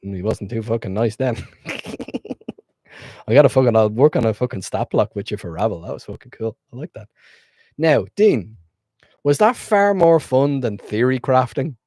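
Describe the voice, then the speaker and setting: A man's voice: mid-range voice, lively intonation, moderate pace, long pauses, mellow, dry recording. A man streaming as game master, wrapping up a tabletop session in loose, rambling casual chat with frequent swearing.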